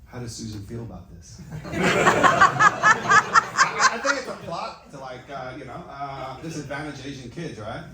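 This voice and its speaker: A middle-aged man doing a stand-up comedy set, delivering deadpan self-mocking one-liners. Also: medium pitch, normal speed, pauses often. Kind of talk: open-mic stand-up set. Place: comedy club stage with audience. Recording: echoey club from far off, loud noise. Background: audience laughter.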